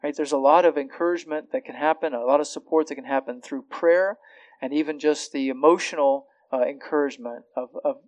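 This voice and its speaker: A man's voice: a little high, darkish tone, no echo, rough recording. A man preaching a sermon as a pastor, earnest, often repeating words as he starts a phrase.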